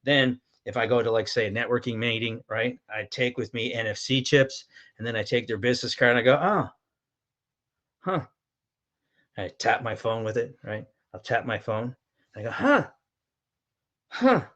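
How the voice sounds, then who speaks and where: Male host pitching his own product live to viewers; hyped, pushy closer with a sharp, bright voice at an average pitch. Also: flat delivery, a little fast. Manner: pushy, hyped salesman patter with mild swearing. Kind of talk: live-streamed sales pitch answering viewer chat.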